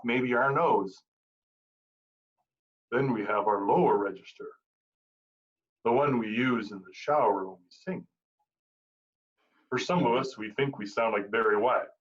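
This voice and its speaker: A man giving a prepared, humorous club speech with an animated storytelling delivery. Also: on the high side, dull audio. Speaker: Toastmasters speaker.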